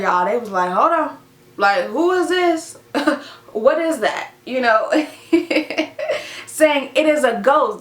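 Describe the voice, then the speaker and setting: A woman leads a casual Bible study, her voice sitting high and her delivery slow and unhurried. She talks in a folksy way, dropping in preacherly call-outs as she goes. The recording sounds roomy and echoey. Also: fairly bright tone.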